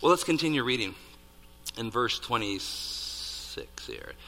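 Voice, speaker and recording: Animated male preacher in a reverberant hall. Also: mid-range voice, unhurried. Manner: animated, rising to near-shouts on emphasis, dropping to hushed asides. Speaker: pastor. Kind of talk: sermon.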